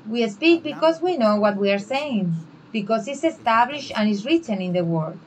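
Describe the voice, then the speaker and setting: A woman's voice: fairly high pitch, expressive, moderate pace, a little hiss or hum, poor audio. Earnest woman preaching a sermon. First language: Spanish. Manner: earnest preaching, acts out skeptics' questions in a raised voice. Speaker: co-pastor.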